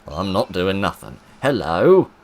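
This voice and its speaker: A man giving let's play commentary, excitable and self-mocking, reading game lines aloud in put-on voices. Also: low voice, normal speed. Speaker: gaming video host.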